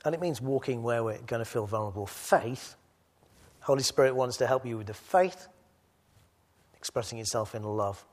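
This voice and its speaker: A man delivering a sermon in a medium voice, speaking gently and thoughtfully in one stretch, then urging his listeners on with rising force. He addresses a church gathering directly. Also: medium pitch, normal speed. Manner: swings from quiet reflection to loud exhortation. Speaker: preacher.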